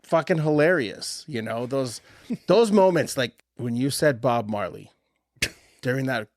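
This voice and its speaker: A man co-hosting a podcast in casual chat, telling stories in a profane, animated way and laughing often. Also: mid-range voice, measured pace, dry recording, studio quality. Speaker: podcast co-host.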